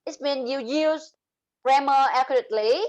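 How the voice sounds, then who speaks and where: A woman with a Vietnamese accent teaching an English speaking class, explaining terms and slowly modeling example sentences. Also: high-pitched, darkish tone, lo-fi sound. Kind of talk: online class lesson.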